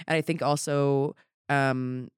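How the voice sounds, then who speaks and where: A man, a comedian, talking in a casual podcast chat, rambling and animated and swearing offhandedly. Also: mid-range voice, slow pace, clear, resonant tone, no room sound, clean studio sound. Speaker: comedian guest.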